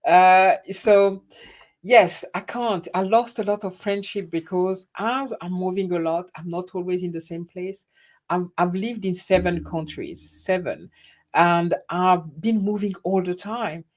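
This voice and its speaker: Woman, French accent, livestream host, casual and chatty, lowish voice. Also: fairly even intonation, unhurried. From France. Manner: chatty, greets viewers by name, restarts sentences. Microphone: webcam livestream setup.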